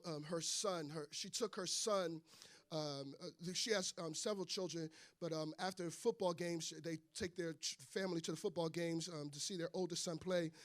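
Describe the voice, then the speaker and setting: A preacher delivering a sermon, telling stories in a conversational way and building to emphatic declarations. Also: male voice, high voice.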